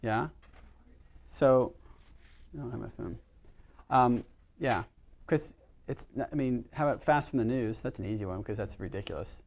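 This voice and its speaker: A man's voice: mid-range voice, normal speed, vocal fry, long pauses, darkish tone. Chatty middle-aged man leading a workshop. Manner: chatty, storytelling, asks the audience questions. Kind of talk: casual workshop talk to a small group.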